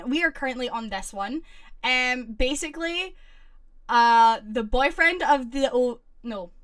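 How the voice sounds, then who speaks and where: Reading stories aloud on stream, a young woman keeps up casual chat with viewers, reacting loudly and excitedly. Her voice sits high.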